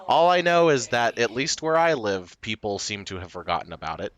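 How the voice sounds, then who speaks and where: Chatting casually with his stream viewers, a man rambles and pokes fun at himself, full of fillers, restarts and short laughs. His voice sits on the low side, sing-song and brisk.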